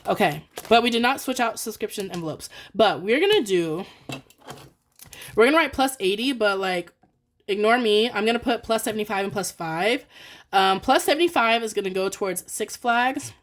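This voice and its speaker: A young woman chatting excitedly and quickly through a budgeting vlog, full of fillers and counting out cash. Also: mid-range voice. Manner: fast, excited, rambling with many "like" fillers. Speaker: budgeting vlogger. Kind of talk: casual chatty voice-over while cash stuffing.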